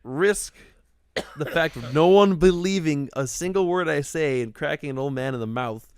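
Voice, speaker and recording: A young man telling a story on a casual podcast, swearing and acting out shouted quotes. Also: fairly high pitch, moderate pace, no room sound, studio quality. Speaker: podcast guest.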